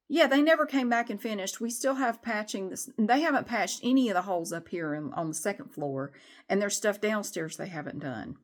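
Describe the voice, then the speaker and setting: A woman's voice: mid-range voice, animated, fairly quick. A middle-aged woman, venting candidly in a rambling, frustrated way with some swearing in a casual vlog. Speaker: vlogger.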